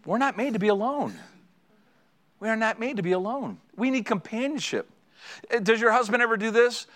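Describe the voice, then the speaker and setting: A middle-aged male pastor delivering a sermon, lively and joking as he acts out little scenes from married life. His voice sits a touch higher than most men's. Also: a little fast. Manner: animated storytelling, acting out conversations; joking, draws audience laughter.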